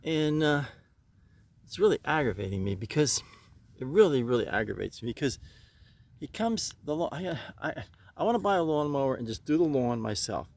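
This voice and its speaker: A man's voice: lively intonation, moderate pace, gravelly, a little mellow. An older man vlogging while weeding his yard outdoors, rambling and repeating himself, sighing and a bit winded. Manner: coaxing high calls to his pet. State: getting winded. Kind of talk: casual vlog chat.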